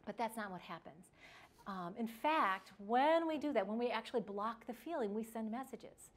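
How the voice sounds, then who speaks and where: The parenting educator, a woman in middle age, sounds fairly high-pitched with lively intonation at a normal speed. Her instructional talk is informal and conversational, peppered with fillers and false starts.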